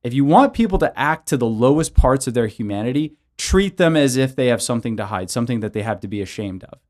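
A man's voice: medium pitch, expressive, fast, darkish tone. A man who is a pastor and show host, giving conversational Bible teaching and practical counseling advice in an earnest way, often adding "right?". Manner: earnest, with frequent tag questions of "right?".

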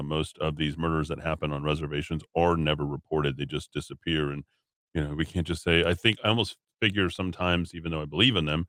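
A man's voice: low-pitched, bright, forceful tone, no room sound. A man hosting a talk radio show in a studio, rambling casually with many fillers and restarts.

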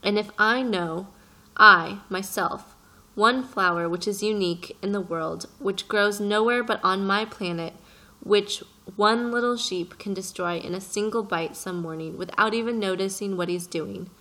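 A woman's voice: mid-range voice, unhurried, a bit bright. A woman voicing an earnest little boy prince who presses his questions with passion in an audiobook reading. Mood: impassioned. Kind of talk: audiobook character voice.

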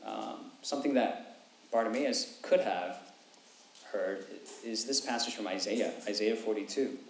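Preacher in an echoey room. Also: male voice, on the low side, measured pace, creaky. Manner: earnest, repeats "okay?" and "right?" to the congregation; raises his voice sharply when quoting the cry for mercy. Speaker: pastor. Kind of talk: sermon. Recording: echoey room with faint background noise.

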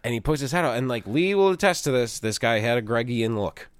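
A man's voice: medium pitch, animated, a little fast, smooth, dry recording. A man chatting casually as a podcast co-host, telling laid-back, profane stories and laughing often. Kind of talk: casual chat.

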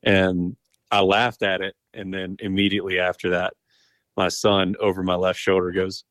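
Deep, flat-voiced male phone guest. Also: normal speed, no room sound, studio quality. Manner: laid-back, easygoing storytelling. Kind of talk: casual radio interview.

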